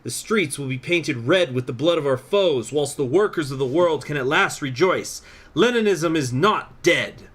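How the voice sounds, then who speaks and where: A man voicing a stern male communist leader addressing his comrades in a slow, grand, declaiming way. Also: fairly high pitch, lively intonation, a bit bright, breathy edge, pitched above the performer's own voice. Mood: rousing.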